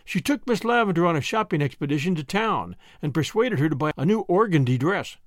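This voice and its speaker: A man narrates a classic novel with gentle, expressive storytelling. His voice sits high and moves with lively pitch. The recording is close and dry. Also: brisk, dry recording. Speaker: audiobook narrator. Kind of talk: scripted narration.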